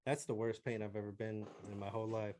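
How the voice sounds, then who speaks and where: Low-voiced man telling a profane story. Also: steady tone, fast, a little mellow, a little hiss or hum. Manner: profane, laughing, acts out other people's lines. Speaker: podcast co-host. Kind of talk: casual storytelling with friends.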